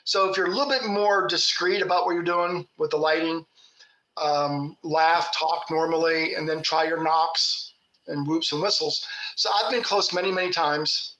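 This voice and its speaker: Bright-voiced man telling folksy stories. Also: fairly high pitch, fairly even intonation, normal speed, reverberant, low-quality recording. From Kentucky. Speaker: Bigfoot researcher guest. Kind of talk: casual storytelling.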